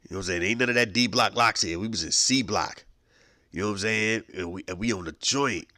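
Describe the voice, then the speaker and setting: A man's voice: lowish voice, brisk, no room sound. Podcast guy telling funny stories, slangy, acts it all out, dry close mic. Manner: animated, slangy, acts out scenes. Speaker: podcast host. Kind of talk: comedic storytelling with acted voices.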